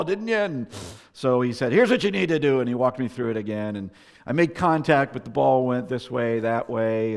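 Male pastor, gravelly, mid-pitched; casual storytelling sermon, lots of "uh"; long church-hall reverb. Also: a little mellow. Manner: conversational storytelling with many fillers. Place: church sanctuary. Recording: echoey hall.

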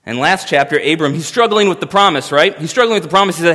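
With a high, bright, pushed voice, this man races through his sermon with hardly a pause, mixing conversational emphasis with dry wit. His voice echoes with a long hall reverb.

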